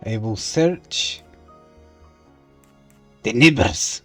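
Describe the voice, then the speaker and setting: A man's voice: mid-range voice, animated, dry recording, soft background music. A man doing a pompous Belgian detective. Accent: put-on Belgian. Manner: slow, theatrical pronouncements. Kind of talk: game streaming, playing along.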